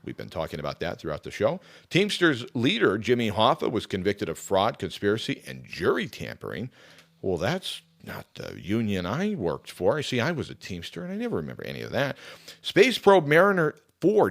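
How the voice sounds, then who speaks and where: A man hosting a radio talk show, chatting casually as he reads through a list of facts and drops quick personal asides. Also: on the low side, wildly swooping pitch, gravelly.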